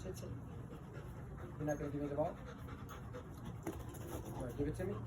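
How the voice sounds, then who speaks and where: A man's voice: fairly high pitch, fairly even intonation, fairly quick, heavy background noise. A man talking to his dogs in a playful, coaxing way while playing fetch, outdoors in a backyard. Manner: coaxing, playful pet talk. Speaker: dog owner.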